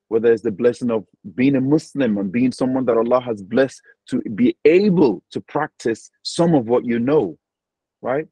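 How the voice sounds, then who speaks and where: A man's voice: mid-range voice, vocal fry, darkish tone, slightly rough, no room sound, rough recording. A man, speaking as an imam giving a Ramadan reflection, acting out quoted voices and often checking in with "right?".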